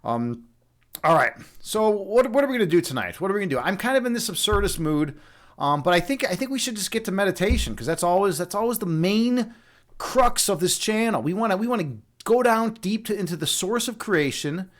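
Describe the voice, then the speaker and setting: Young man, high-pitched, casual livestream chat, absurdist jokes, many fillers. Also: expressive, fairly quick. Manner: rambling, joking, absurdist, lots of fillers and restarts. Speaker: livestream host and meditation instructor.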